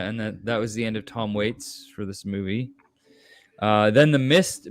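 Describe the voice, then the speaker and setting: Smooth-voiced man rambling about a movie. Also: mid-range voice, no echo, clean studio sound. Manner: rambling, frequent fillers and restarts. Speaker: podcast host. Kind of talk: casual movie discussion.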